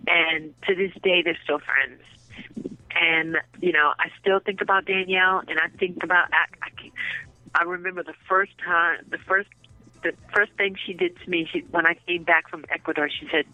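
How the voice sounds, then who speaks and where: A woman guest telling animated, profane stories in a casual interview, often bursting into laughter. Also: fairly low pitch, a little slow, pauses often, no room sound, soft background music, rough recording. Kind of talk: casual storytelling.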